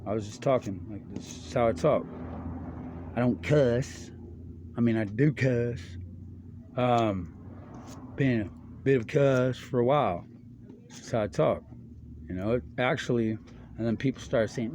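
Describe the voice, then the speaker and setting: A middle-aged man delivers a loose, rambling stream-of-consciousness monologue in a mid-range, somewhat mellow voice, unhurried and with long pauses. His talk is slangy and profane, drifting from one topic to the next, over slight background noise.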